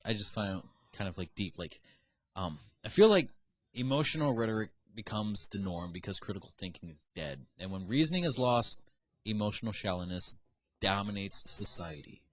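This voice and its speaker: A man's voice: fairly low pitch, lively intonation, normal speed, a bit bright, no echo. A man co-hosting a casual podcast, opinionated and ranting, swearing freely as he argues his point. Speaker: podcast co-host. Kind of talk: casual chat.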